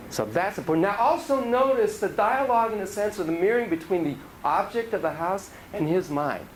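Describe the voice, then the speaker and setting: A man's voice: high-pitched, expressive, brisk, few pauses, slight background noise, poor audio. A man giving a casual, joking lecture on child psychotherapy to a class, acting out dialogue in different voices.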